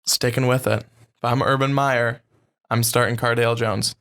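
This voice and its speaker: A man co-hosting a casual sports podcast, halting and restarting as he gives his takes. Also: medium pitch, little pitch movement, fairly bright tone, smooth. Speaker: podcast co-host.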